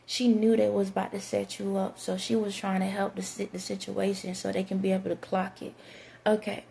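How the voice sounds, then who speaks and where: This is a woman telling a winding story to her audience. Her voice is mellow and dark with a gravelly edge. She drifts between her own account and quoted dialogue in a loose, conversational way. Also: medium pitch, level tone, brisk. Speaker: vlogger. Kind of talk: rambling storytime monologue.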